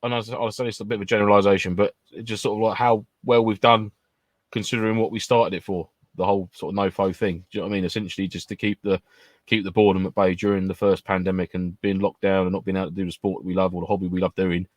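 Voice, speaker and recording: A man's voice: sits low, little pitch movement, quick pace, dry recording. A man co-hosting a casual podcast chat, bantering and laughing often. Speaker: podcast co-host.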